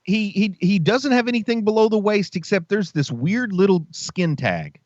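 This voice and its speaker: A man co-hosting a movie podcast in loose, jokey chat. His pitch swings widely from phrase to phrase. The sound is dull and dry, with little room around it. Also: normal speed, no room sound. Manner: animated, jokey, says "man" often. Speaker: podcast co-host. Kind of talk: casual chat.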